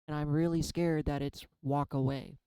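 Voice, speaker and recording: Guy doing a chill tarot vlog, mellow flat voice, kinda rambly and self-deprecating, dry close sound. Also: fairly high pitch, normal speed, smooth, dry recording, rough recording. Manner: tearful at times. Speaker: tarot card reader. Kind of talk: casual spiritual card reading vlog.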